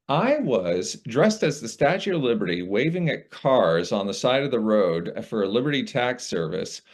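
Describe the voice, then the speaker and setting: A man's voice: mid-range voice, big pitch swings, unhurried. A man, a guest audiobook narrator in casual conversation, rambling and reflective, with frequent restarts.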